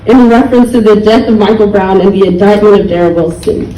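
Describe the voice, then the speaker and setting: A woman's voice: mid-range voice, steady tone, fairly quick, hardly any pauses, dark tone, echoey room, recorded from a distance, low-quality recording. Young woman giving an emotional, pleading speech. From United States. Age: young adult. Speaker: speaker at a community rally. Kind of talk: public speech.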